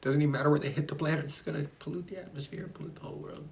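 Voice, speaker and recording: A man reading and commenting on his own book in a casual, rambling way, sometimes getting emotional and dropping into soft, breathy asides. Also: a little high, fairly even intonation, racing, slight background noise. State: choked up at times.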